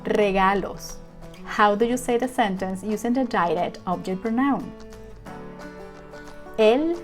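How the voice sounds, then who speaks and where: Slow, careful teacher woman. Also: fairly high pitch, darkish tone. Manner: slow, careful model sentences with questions to the viewer. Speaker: Spanish teacher. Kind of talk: language lesson.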